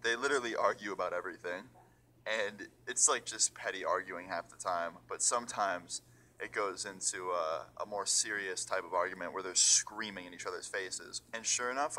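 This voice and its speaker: Bright-voiced young man telling a story. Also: low voice, moderate pace, slight background noise. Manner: chatty, swearing, acts out quotes. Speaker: storytime YouTuber. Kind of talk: casual storytime vlog.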